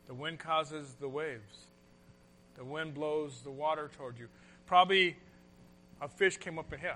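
A man preaching a sermon, moving between loud emphatic lines and soft hushed ones. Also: on the high side. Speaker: pastor.

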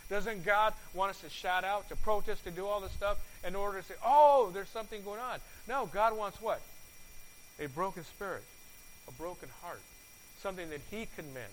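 A man preaching a sermon, asking his congregation questions and repeating words, his volume swinging from loud to soft. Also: high voice, moderate pace, slight background noise, rough recording. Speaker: pastor.

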